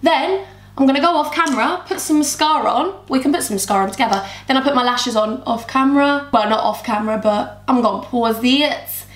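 A beauty vlogger with a high voice talks fast to her camera, chatting and rambling through a makeup tutorial. The recording has a roomy echo.

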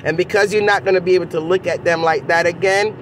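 A woman's voice: on the low side, steady tone, fast, slight background noise, poor audio. A woman with a Jamaican accent giving direct-to-camera commentary, scolding the person she addresses with repeated rhetorical questions. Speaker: commentary vlogger.

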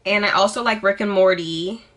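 A young woman with a bright, sharp voice chats to her camera in a casual vlog. She is sassy and over the top, swearing freely and hamming up her answers. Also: mid-range voice, moderate pace. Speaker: vlogger. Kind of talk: casual get-to-know-me vlog.

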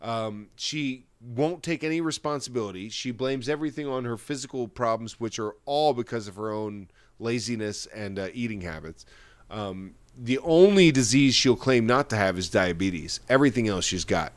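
A man's voice: medium pitch, moderate pace. A man hosting a podcast, ranting and swearing in casual commentary. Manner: profane, ranting, animated. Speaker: podcast host.

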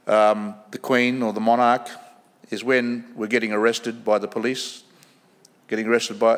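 Australian man lecturing in a reverberant hall. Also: medium pitch. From Australia, Kimberley region. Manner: measured, pausing with ums, acting out quoted voices. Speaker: guest lecturer. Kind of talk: formal lecture with storytelling.

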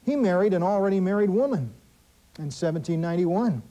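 A man hosting a school quiz show, reading questions briskly and adding wry asides and corrections for the teams. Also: high voice, expressive, heavy background noise. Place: television studio.

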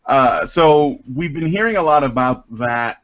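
A man's voice: mid-range voice, expressive, measured pace, a bit bright. A man hosting a casual group podcast, reading a listener's letter aloud with jokey asides and frequent ums. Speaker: podcast host. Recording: dull lo-fi audio.

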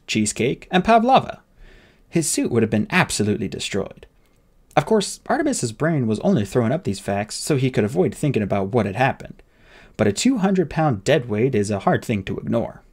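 Man narrating an audiobook, lively pitch, gravelly, husky, dramatic reading. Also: normal speed.

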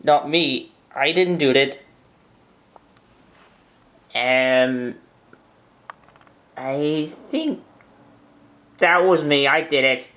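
A woman's voice: low voice, extremely slow, pauses often, a bit bright, full character voice. A woman voicing a sheepish male train engine who fumbles with fillers and excuses in a fan-made toy train video. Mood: hesitant. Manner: hesitant, stumbling, full of fillers.

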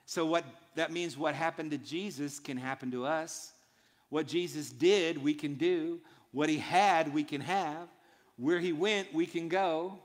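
The pastor's voice is fairly high-pitched and his pace measured as he preaches emphatically, hammering short repeated phrases. The sermon is recorded in a church sanctuary with long hall reverb.

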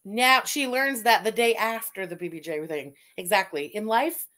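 A woman's voice: medium pitch, moderate pace, a little hiss or hum. A young adult woman hosting a casual livestream, talking bluntly and swearing freely. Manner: blunt, profane and animated. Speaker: streamer host.

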